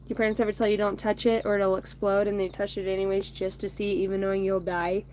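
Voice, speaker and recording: A woman's voice: medium pitch, flat delivery, fast, darkish tone, slight background noise. A woman in her thirties hosting a casual card-reading chat on a phone outdoors, rambling, swearing and laughing between remarks. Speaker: oracle card reader streaming to viewers. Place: outdoors by a bonfire at home.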